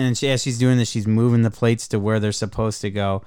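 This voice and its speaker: Brief: podcast host, man, animated profane storyteller, dry close sound. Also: on the low side, fairly quick, hardly any pauses, smooth, no echo. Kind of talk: casual chat, storytelling.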